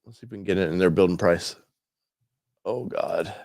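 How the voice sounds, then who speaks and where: A man with a lowish voice rambles casually as he hosts a car channel, thinking out loud and stopping to restart his sentences. The sound is dry and close, with no room around it. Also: normal speed, dry recording. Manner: rambling, thinking aloud with many fillers and restarts. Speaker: automotive channel host. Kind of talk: casual talk while browsing a website.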